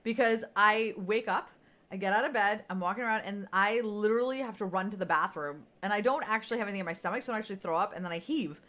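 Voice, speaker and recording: A woman's voice: medium pitch, quick pace, a bit bright. A woman co-hosting a casual chat, talking candidly and rambling, swearing freely and sounding tired. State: nauseous, tired. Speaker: podcast co-host.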